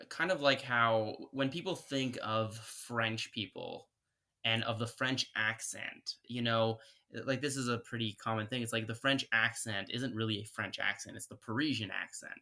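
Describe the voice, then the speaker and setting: A man's voice: mid-range voice, bright, forceful tone. A man co-hosting a casual podcast chat, explaining his points at length with frequent restarts. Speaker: podcast co-host.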